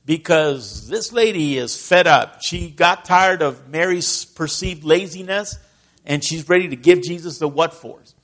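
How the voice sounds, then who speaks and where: Man preaching, middle-aged, from texas, conversational sermon, slightly higher voice. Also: a little slow, a bit bright. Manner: conversational, asks the congregation questions.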